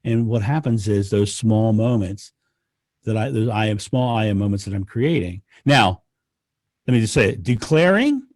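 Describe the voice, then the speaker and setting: A man, a podcast guest, talking in casual conversation, animated and laughing often as he rants. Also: on the low side, normal speed, no room sound, clean studio sound.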